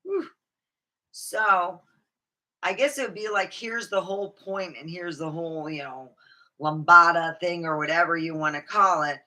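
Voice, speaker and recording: A woman's voice: fairly low pitch, a little slow, pushed and bright. A woman talking alone in her room in a rambling, swearing vlog monologue, laughing at her own jokes. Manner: rambling, swearing, jumps between topics. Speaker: vlogger.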